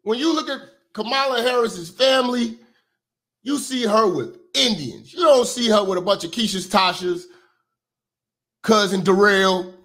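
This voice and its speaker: A man's voice: high-pitched, fairly bright tone. A man hosting a casual reaction commentary, ranting bluntly and profanely about what he watches. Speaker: commentary host.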